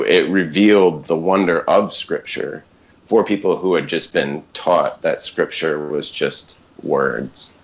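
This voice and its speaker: A man's voice: very deep voice, dull audio. A man in his thirties, a podcast guest, telling a personal story casually, rambling and often interrupting himself with fillers and asides.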